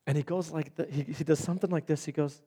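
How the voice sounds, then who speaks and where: A middle-aged man delivers a sermon in an animated storytelling style. He acts out the voices of the people in his stories, and his voice sits slightly high for a man. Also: fast talker, breathy edge. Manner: animated storyteller acting out quoted dialogue. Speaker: pastor.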